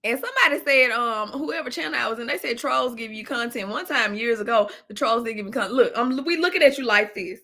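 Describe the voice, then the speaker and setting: A woman's voice: fairly high pitch, brisk, few pauses, pushed and bright. A woman hosting a casual livestream, talking straight to her viewers, laughing often and playful. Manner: uses y'all and baby, talks to viewers directly. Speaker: livestream host.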